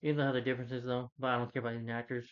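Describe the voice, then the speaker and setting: A man's voice: mid-range voice, level tone, very fast, muffled recording. A man reviewing a film in a rambling, casual rant, full of "you know" fillers and exasperated asides.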